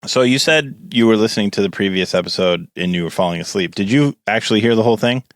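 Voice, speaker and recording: A man's voice: on the low side, fast, no echo. A man with a Newfoundland accent co-hosting a podcast, teasing his co-host with dry questions and frequent laughs. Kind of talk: casual chat.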